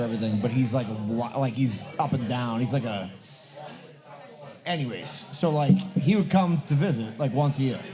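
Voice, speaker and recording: A man, co-hosting a podcast live from a bar and telling loose, profane stories to friends. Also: medium pitch. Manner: profane, joking, loose storyteller. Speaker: podcast co-host. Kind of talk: casual storytelling among friends.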